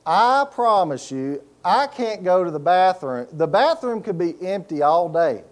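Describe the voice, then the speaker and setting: With a high, sing-song voice at a measured pace, a middle-aged pastor preaches. He leans on folksy, humorous stories and asks the congregation to fill in words through call-and-response.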